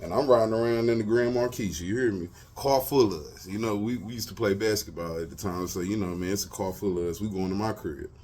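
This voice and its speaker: A man's voice: lowish voice, fast, few pauses, darkish tone. A man, hosting his show and telling personal stories in loose, slangy, casual talk. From Texas, US. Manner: loose slangy talk, lots of "you feel me". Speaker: show host.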